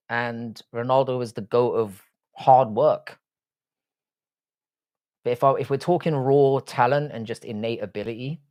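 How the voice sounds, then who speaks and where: A young man from Ireland who grew up in London, and speaks with a London accent, hosts a live stream casually, reading chat and replying in a blunt, sardonic, sweary manner. His voice is medium in pitch with a darkish tone.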